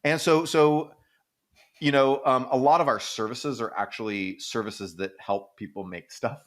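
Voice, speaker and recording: A man's voice: mid-range voice, measured pace. A man hosting an economics podcast, explaining in casual chat, thinking aloud with frequent restarts and fillers. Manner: animated, breaks into silly quoted voices.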